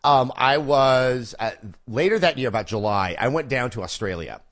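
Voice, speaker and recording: A man in his forties talking as a podcast guest in casual chat, an animated storyteller who stammers and repeats words. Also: mid-range voice, moderate pace.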